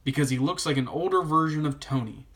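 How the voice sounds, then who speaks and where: A man's voice: fairly high pitch, fast, fairly bright tone. A man reviewing a comic book in a casual vlog, rambling and opinionated, with plenty of fillers.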